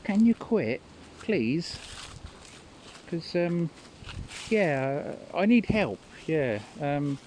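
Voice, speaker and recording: A woman's voice: low-pitched, sing-song, drawn-out words, long pauses, a little mellow, a little hiss or hum, voice pushed up, heavily acted. A man voicing his elderly grandmother, fretful and pleading, in a retold story. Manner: pleading, anxious.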